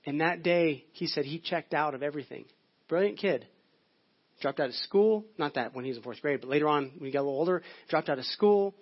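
A man's voice: a little high, animated, a little fast. A male pastor giving a sermon in a conversational, storytelling way. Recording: dull lo-fi audio.

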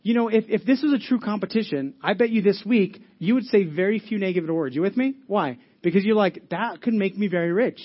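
High-voiced male pastor, lo-fi recording. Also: animated, brisk, few pauses. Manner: earnest, repeats and restarts phrases, asks the audience questions. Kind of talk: conversational sermon.

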